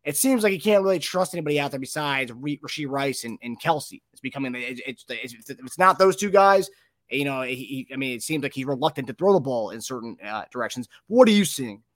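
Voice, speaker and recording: A man's voice: medium pitch, animated, brisk, dry recording. A man hosting a football podcast, rambling through plays with restarts and handing questions to his co-host. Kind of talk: casual sports chat.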